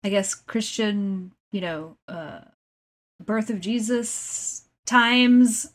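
A woman's voice: medium pitch, very slow. A woman co-hosting a podcast, chatting casually about a film, often agreeing, laughing, and searching for words. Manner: agreeable, giggly, hesitant. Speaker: podcast co-host. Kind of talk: casual movie review chat.

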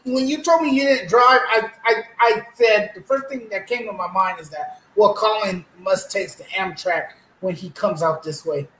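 A man's voice: sits high, normal speed, few pauses, fairly bright tone. A man co-hosting a casual sports talk show, earnest and emotional, often repeating himself. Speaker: co-host. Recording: roomy echo.

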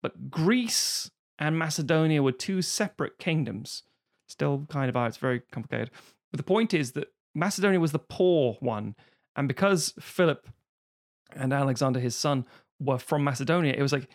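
A man's voice: a little high, animated, normal speed. A man chatting casually as a podcast co-host, rambling and swearing freely. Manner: rambling, swears freely, slips into mock voices. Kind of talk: casual chat.

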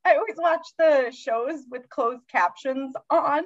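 A woman co-hosting a podcast, chatting casually about a film with dry remarks and soft laughter. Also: high voice, a little slow, no echo. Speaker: podcast co-host. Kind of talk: casual movie recap chat. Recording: dull lo-fi mic.

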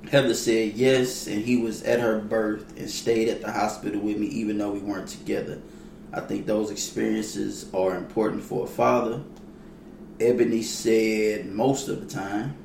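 A man's voice: lowish voice, creaky, a little mellow. A laid-back man co-hosting a casual podcast, trading slangy banter and laughing often. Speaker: podcast co-host. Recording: echoey room with faint noise.

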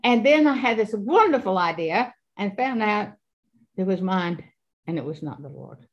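A woman in her eighties giving an earnest faith testimony, halting often and repeating her words. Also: medium pitch, animated, highs cut off. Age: 80s. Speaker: guest.

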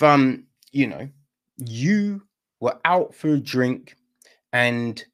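A man holds forth on a podcast in loose, opinionated chat, his voice swooping up and down as he goes. He swears often and slips into quick acted-out exchanges to make his points. His voice sits at an ordinary middle pitch. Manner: animated, profane, acts out little dialogues. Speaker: podcast co-host.

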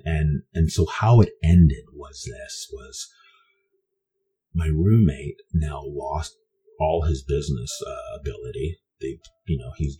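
A man's voice: rumbling low, creaky, mellow, a little hiss or hum. A man from Canada telling a personal story in a meandering, conversational way, often restarting his sentences.

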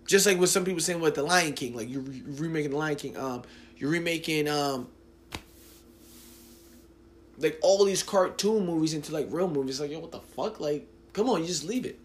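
A man's voice: on the high side, brisk. A man in his late twenties hosting his own podcast, ranting casually, profane and rambling with lots of restarts. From New Jersey. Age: 20s. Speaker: podcast host. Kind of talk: casual solo podcast rant.

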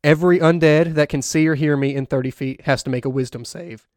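A man's voice: on the high side, fairly even intonation, fairly quick, dry recording, clean studio sound. A man playing a tabletop game, easygoing, describing his character's actions step by step. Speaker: player. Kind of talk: tabletop role-play chat.

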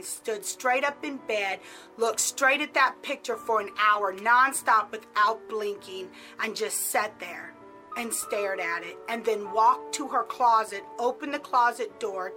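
A middle-aged woman with a medium-pitched voice casually shares a personal story, chatty and full of filler words, especially "like." The audio quality is poor.

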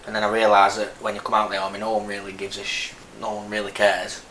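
A man in his thirties speaks fast in a lowish, monotone voice that sounds pushed and bright, with a Lancashire accent from Burnley in northern England. An army veteran guest in a casual interview, he frankly relates his story, rambling and restarting often, in an echoey room with faint noise.

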